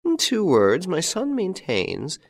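A man reading aloud, voicing a stern, hostile older countess in a high, clipped, disdainful voice. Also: wildly swooping pitch, slow pace, vocal fry, full character voice.

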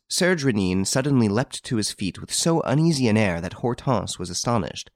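A male audiobook narrator with a low voice and animated, expressive delivery. His reading moves through wide swings in pitch as he tells the story. The recording is dry, with no room sound. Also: normal speed, hardly any pauses, dry recording.

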